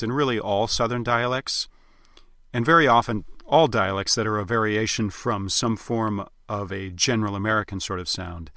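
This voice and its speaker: A man coaching dialects in a measured, explanatory tone, now and then demonstrating the sounds he describes. His voice is bright and forward, recorded dry and close with no room around it. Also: on the low side, dry recording. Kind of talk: instructional narration.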